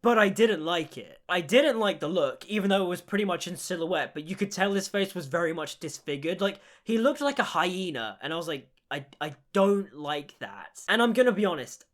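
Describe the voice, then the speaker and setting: A young man with a notably high voice for a man, talking through a movie in an animated, rambling way. He leans on "like" constantly and circles back on his points. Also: a little fast, few pauses. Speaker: film reviewer. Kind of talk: casual film review.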